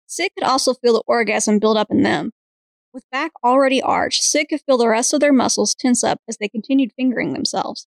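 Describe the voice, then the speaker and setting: A woman with a raised voice and a gravelly fry reads a story aloud at a steady pace. The recording is dry and close, with no room sound. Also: a little high, fairly quick, no room sound, poor audio. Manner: steady reading, breaks into laughs. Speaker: podcast co-host and story reader. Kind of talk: reading erotic fiction aloud.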